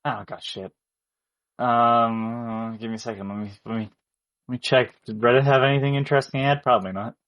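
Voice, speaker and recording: A man's voice: mid-range voice, steady tone, brisk, highs cut off. A man co-hosting a gaming podcast, blunt and sarcastic, swearing while reading out news items. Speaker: podcast co-host. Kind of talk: casual chat.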